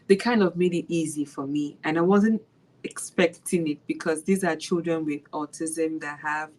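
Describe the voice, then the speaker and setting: A Nigerian woman and maths teacher, telling classroom stories in an interview with lively laughter. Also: sits low, normal speed, rough recording. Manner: animated storyteller, laughs while retelling classroom moments. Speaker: special education maths teacher. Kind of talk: casual interview.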